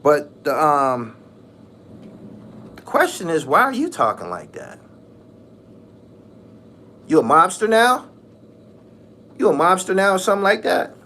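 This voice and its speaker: Animated, mocking man on a vlog rant. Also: a little high, a little slow, pauses often, slight background noise. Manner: animated, mocking, repeats phrases, laughs often. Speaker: channel host.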